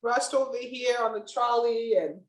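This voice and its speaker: A woman's voice: fairly high pitch, moderate pace, echoey room, rough recording. A woman hosting a casual podcast chat who teases her co-host and laughs often. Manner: warm teasing, laughs often.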